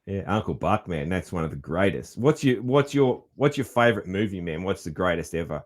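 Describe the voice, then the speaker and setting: A middle-aged Australian podcast host chats in a laid-back way, swearing freely and saying "man" a lot. His low voice is expressive and runs a little fast.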